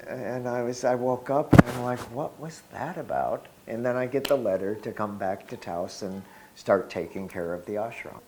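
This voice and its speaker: A man in his sixties telling a personal spiritual story in an unhurried, reflective way, with soft laughs. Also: mid-range voice, slight background noise.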